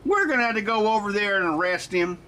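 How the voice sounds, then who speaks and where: A man's voice: sits high, lively intonation, fast, pushed and bright, a little hiss or hum. A man putting on a fussy officious web moderator. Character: officious male online-platform moderator, prissy and self-important.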